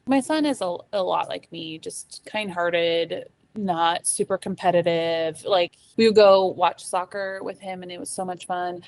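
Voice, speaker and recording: A middle-aged woman talks casually as a guest, her voice gravelly with fry. She tells her story animatedly and slips into the voices of the people she quotes. The sound is close and dry. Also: lowish voice, a little slow, no echo. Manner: animated, acts out quoted voices, many fillers.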